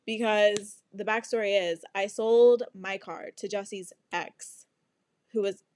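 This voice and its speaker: A woman's voice: medium pitch, slow. A young adult woman hosting a podcast, telling a story in a casual monologue full of swearing and sing-song asides. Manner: animated, swears often, breaks into laughs and sing-song asides. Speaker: podcast host.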